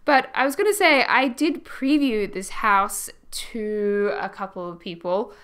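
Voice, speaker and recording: A woman's voice: medium pitch, a little slow, fairly bright tone, clean tone. A young Australian woman chatting casually as she narrates a house build for her channel, rambling and laughing as she goes. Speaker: gaming YouTuber.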